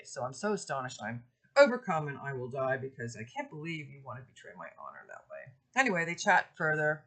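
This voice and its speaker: A woman giving a relaxed literature lecture, explaining a medieval poem and pausing often with ums and uhs. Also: rumbling low, breathy edge. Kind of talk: informal recorded lecture.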